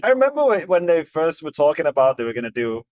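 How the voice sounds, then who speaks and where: Animated, laughing man in movie banter. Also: fairly high pitch, fast, no echo, dull audio. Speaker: podcast co-host. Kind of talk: casual movie chat.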